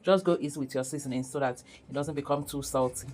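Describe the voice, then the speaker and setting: A low-pitched woman walks viewers through a recipe, step by step. She speaks in a relaxed, chatty way and breaks into laughter now and then. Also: fast talker, slight background noise, poor audio. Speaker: cooking channel host. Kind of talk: casual cooking tutorial narration.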